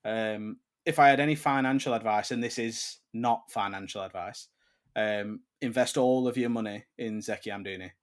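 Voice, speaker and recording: A man's voice: fairly low pitch, moderate pace. A young man, co-hosting a casual football chat and ranting with swearing when riled. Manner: animated, swears, rants loudly when riled. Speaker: podcast co-host. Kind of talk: casual banter.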